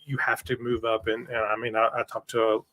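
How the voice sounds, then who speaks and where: A man's voice: mid-range voice, completely flat delivery, fairly quick, pushed and bright. A middle-aged man co-hosting a live stream, chatting casually and rambling a bit as he reads viewer comments aloud. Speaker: co-host of a weight-loss livestream.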